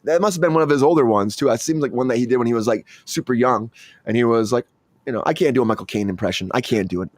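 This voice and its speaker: A man hosting a casual entertainment news chat, excitable and rambling with frequent restarts. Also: medium pitch, fast, no echo. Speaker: host.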